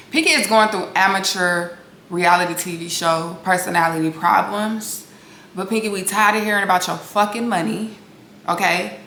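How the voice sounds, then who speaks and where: A woman's voice: medium pitch, a bit bright. A woman hosting a reality TV recap, talking casually to her viewers in a blunt, sassy and profane way. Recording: echoey room with faint noise.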